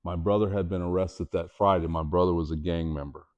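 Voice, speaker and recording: A man's voice: a little fast, muffled recording. A middle-aged man, a former athlete, giving a motivational talk to students in a school auditorium, telling a personal story with rising and falling intensity. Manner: storytelling, animated, raises voice for drama then drops low. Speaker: motivational speaker.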